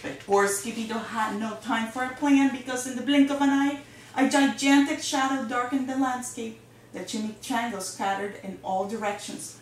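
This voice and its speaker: Teacher read-aloud: expressive woman, slightly high voice, echoey room, mic far off. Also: normal speed, slight background noise. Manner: lively, expressive. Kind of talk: reading a picture book aloud.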